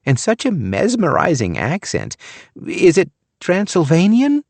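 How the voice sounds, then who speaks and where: A man's voice: a little high, wildly swooping pitch, measured pace, creaky, darkish tone, no room sound, voice pushed up, exaggerated voice. A man reading an audiobook and voicing a chatty mother who gushes about her daughter. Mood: dreamy.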